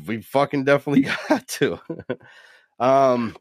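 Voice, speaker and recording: A man's voice: medium pitch, measured pace, no echo, clean studio sound. A man from the US East Coast co-hosting a podcast, talking loosely, profanely and enthusiastically. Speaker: podcast co-host. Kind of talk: casual podcast chat.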